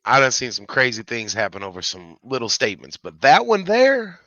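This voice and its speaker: A man with a St. co-hosting a podcast, telling stories in animated, profane casual chat. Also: mid-range voice, fairly quick, no room sound, highs cut off. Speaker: podcast co-host.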